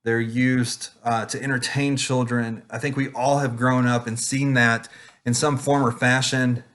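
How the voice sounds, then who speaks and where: A man's voice: medium pitch, flat delivery, measured pace, fairly bright tone. Rambling man talking puppet ministry. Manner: rambling, many ums and restarts. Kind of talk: casual conference talk. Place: home online presentation.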